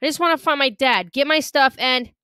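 Anxious teenage boy, pleading, flustered, higher voice, read by a woman. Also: a little fast, sharp tone, dry recording, clean studio sound.

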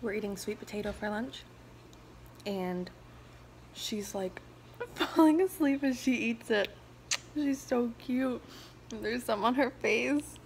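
A woman's voice: a little high, a little hiss or hum. A woman at home talking to her baby in a casual vlog, cooing in sing-song baby talk. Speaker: mother and vlogger.

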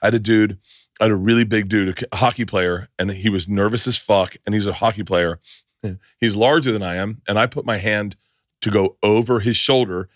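A man's voice: on the low side, brisk, no echo, clean studio sound. A middle-aged man hosting a podcast, telling stories in a casual chat and laughing often. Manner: animated storyteller, laughs a lot. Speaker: podcast host.

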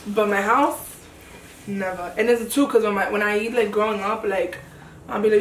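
A woman's voice: mid-range voice, fairly even intonation, brisk, a little hiss or hum. Blunt young woman in echoey room. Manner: blunt, profane, mixing Spanish into her English. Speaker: co-host. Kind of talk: casual group chat. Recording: echoey room, mic at a distance.

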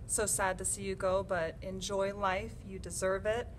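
A woman's voice: mid-range voice, little pitch movement, moderate pace, a little hiss or hum. A woman recording a farewell message to a retiring coworker, emotional and holding back tears.

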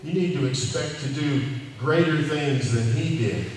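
In a slightly slow, mid-range voice, a folksy male preacher at a cowboy church talks through an informal sermon, relaxed and repeating phrases for emphasis. The distant mic catches the church hall's echo, faint ambience, and slight background noise.

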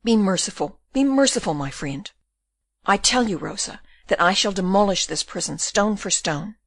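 A woman's voice: on the low side, moderate pace, a bit bright, no echo. A woman voicing a desperate young male prisoner in an audiobook, pleading and raging by turns.

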